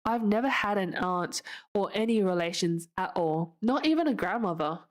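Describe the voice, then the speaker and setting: A woman voicing an eager, emotional orphan girl who pleads in a high, breathless voice. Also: expressive, moderate pace, close to an everyday voice. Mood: wistful.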